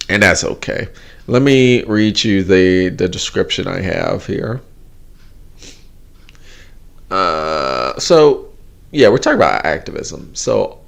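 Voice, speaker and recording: A man's voice: on the low side, vocal fry. A man hosting a casual live stream, talking in a laid-back, rambling way with frequent chuckles, sounding tired and a little drained. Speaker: host.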